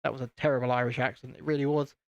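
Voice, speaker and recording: A man's voice: mid-range voice, flat delivery, rapid-fire, creaky, no echo, muffled recording. A British man hosting a casual live stream, chatting to viewers while he builds and poking fun at himself. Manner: chatty, self-deprecating, talks to viewers.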